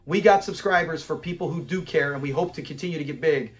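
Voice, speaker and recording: Animated man recapping sitcom scenes. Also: a little high, fast. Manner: animated, retells scenes while acting out lines and laughing. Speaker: host of a classic sitcom fan channel. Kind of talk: casual episode recap commentary.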